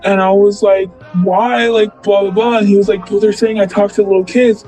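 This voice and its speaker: A man's voice: high-pitched, level tone, a little fast, mellow, poor audio. A young man in casual storytelling, rambling and filling his talk with "like" and "blah, blah.". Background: faint background music.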